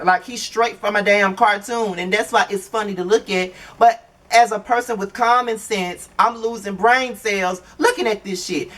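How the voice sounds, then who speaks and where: A man's voice: extremely high pitch, sharp tone, far from the mic. A man giving blunt, profane, exasperated commentary while reviewing a reality TV show. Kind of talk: casual video commentary.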